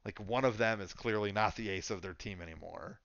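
A man's voice: on the low side, fairly quick, vocal fry, a bit bright, no room sound, dull audio. A man co-hosting a podcast, chatting casually and thinking aloud with lots of fillers. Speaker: podcast co-host. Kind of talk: casual sports chat.

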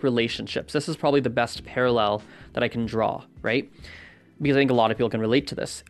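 A man giving language-learning advice in a casual monologue. He rambles, restarts his sentences and keeps checking in with "right?". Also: medium pitch. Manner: rambling, with many fillers and self-corrections; conversational, often asks "right?".

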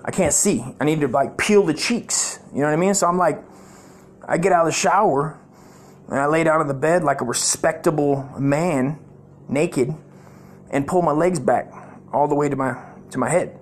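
A man's voice: a little high, moderate pace, long pauses. A middle-aged man, telling a rambling, profane comic story. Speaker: comedic storyteller.

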